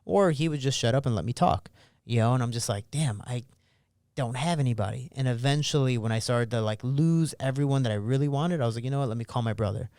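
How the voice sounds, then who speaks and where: A man's voice: mid-range voice, quick pace, a little mellow, smooth, no room sound, studio quality. A man in his thirties, a podcast guest, telling personal stories candidly in casual interview talk. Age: 30s. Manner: candid, storytelling, acts out quoted voices. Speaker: podcast guest, MMA fighter.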